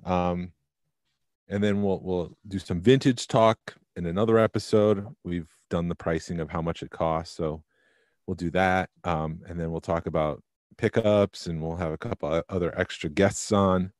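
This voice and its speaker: Male podcast co-host, very low pitch, tired and halting, dry sound. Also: fairly even intonation, a little mellow, dry recording. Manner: tired, halting, with many ums. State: sleepy. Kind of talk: casual chat.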